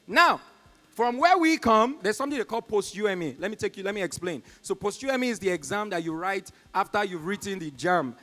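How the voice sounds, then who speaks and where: A Nigerian man with a high-pitched voice performs live stand-up comedy. He tells his stories with animated energy and keeps turning to address the audience directly. His Nigerian accent colors every line. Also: in a large hall.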